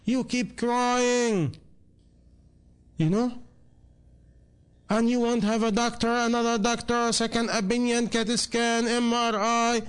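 A man preaching a sermon, his voice sitting notably high for a man. He speaks English with broken, non-native grammar. He keeps pressing his listeners with rhetorical questions and demands for answers. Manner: rhetorical questions put to the audience.

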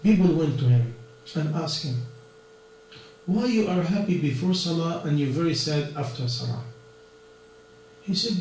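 High-voiced preacher in an echoey hall. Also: male voice, animated, moderate pace, pauses often, a little mellow. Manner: earnest, non-native English with plain grammar slips. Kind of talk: sermon. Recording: echoey distant room recording with mains hum.

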